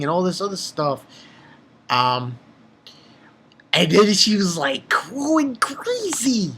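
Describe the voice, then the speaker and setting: A man casually reviewing a manga chapter, excitable, swearing freely and reading scenes aloud. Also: sits high, takes it slowly, pauses often, husky.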